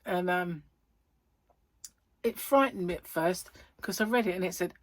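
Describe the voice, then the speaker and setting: A woman's voice: medium pitch, moderate pace, no echo. A middle-aged woman chatting casually to camera, rambling and giggly as she tells stories, tired and yawning. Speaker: vlogger.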